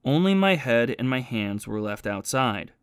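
A man's voice: mid-range voice, sing-song, unhurried, smooth, no echo. Man reading as a haunted ex-soldier thief, confessional, plain storytelling, dry close sound. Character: remorseful former soldier and thief, haunted by guilt.

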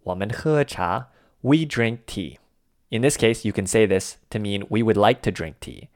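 A man with a very deep voice explains a dialogue piece by piece. The sound is close and dry, with no room echo. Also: expressive, moderate pace. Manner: methodical, breaks phrases down. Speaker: language teacher.

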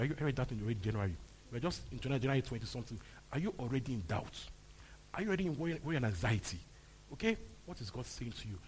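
A man's voice: mid-range voice, darkish tone, slight background noise. A man with a Nigerian accent preaching a sermon, pressing his point with repeated phrases and rhetorical questions to the congregation. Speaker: pastor. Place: church service.

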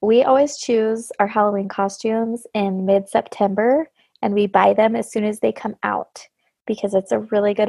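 A woman's voice: medium pitch, fairly even intonation, moderate pace, vocal fry, dark tone, husky, no echo. A woman in her thirties hosting a podcast in casual chat, bubbly and laughing often. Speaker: podcast host.

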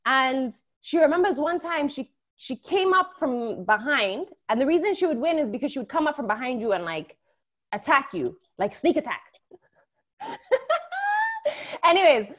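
A woman's voice: high-pitched, expressive, moderate pace, a bit bright. A young woman co-hosting a podcast, telling stories in casual chat, swearing freely and laughing often. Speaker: podcast co-host.

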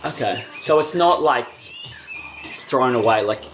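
A man's voice: mid-range voice, lively intonation, a little slow, fairly bright tone, faint music behind, rough recording. A man playing in a tabletop game, joking, cutting in and laughing often. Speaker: player. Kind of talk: casual tabletop game play.

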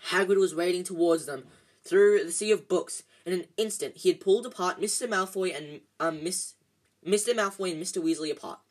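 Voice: mid-range voice, brisk, a little mellow. A reader narrating a storybook aloud, with frequent small slips and restarts.

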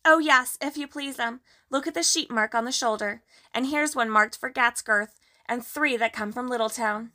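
A woman's voice: on the high side, normal speed, pushed and bright. A woman voicing a humble, anxious little hedgehog washerwoman in a storybook reading, polite and sing-song. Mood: fussy, polite.

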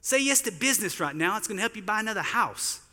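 A man's voice: high-pitched, animated, quick pace, sharp tone, voice pushed up, full character voice. A man doing an impression of a friendly Australian man friend with an Australian accent, laid-back and calling people "mate". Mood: cheery.

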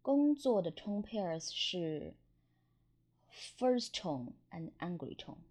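Slow-drilling woman with a Mandarin accent. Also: fairly low pitch, big pitch swings, a little mellow. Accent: Mandarin Chinese. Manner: slow and deliberate, repeating words in drills. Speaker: Mandarin tone teacher. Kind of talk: slow, patient pronunciation lesson.

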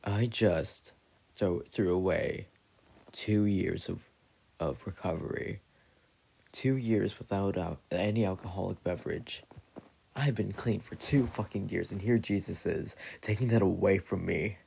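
A man delivers a profane comedic monologue, rambling and stumbling over his words. He speaks slowly in a deep, dark voice that is rough and gravelly with a breathy edge.

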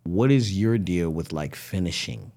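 A man's voice: low-pitched, expressive, measured pace, dark tone. A man in his thirties co-hosting a podcast, telling a playful story in casual chat. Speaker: podcast co-host.

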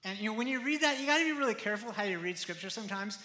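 A man pastor preaching a sermon in a conversational, animated way, often acting out the quotes. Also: high-pitched, rapid-fire, roomy sound.

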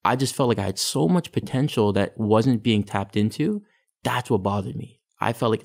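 A young Canadian man, a taekwondo athlete who also practises sports psychology, tells his taekwondo backstory as a guest in a casual interview. He's chatty and says "like" and "you know" a lot. His lowish voice is creaky and a little mellow, animated, at a normal speed.

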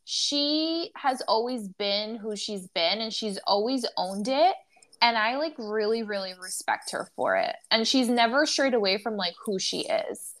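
A woman's voice: fairly high pitch, big pitch swings, measured pace, a bit bright. A woman co-hosting a podcast in casual chat, candid and gushing, with many filler words and the odd swear. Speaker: podcast co-host.

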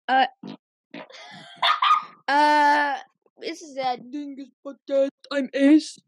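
A woman co-hosting a chaotic casual podcast at home on a handheld microphone, giggly and prone to bursts of yelling. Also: sits high, level tone, extremely slow, long pauses, heavy background noise. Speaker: podcast co-host. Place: home room. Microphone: handheld microphone passed around.

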